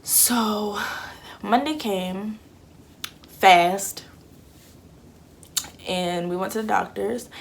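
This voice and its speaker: A vlogger in her twenties tells a casual story, chatting candidly and acting out what people said. Her voice is mid-range and creaky, with slight background noise.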